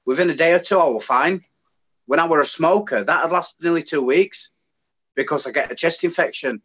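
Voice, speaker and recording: This English-accented man from the United Kingdom has a fairly high, slightly rough voice and speaks a little fast. Chatting casually as a guest, he rants with animated feeling over dull, lo-fi sound.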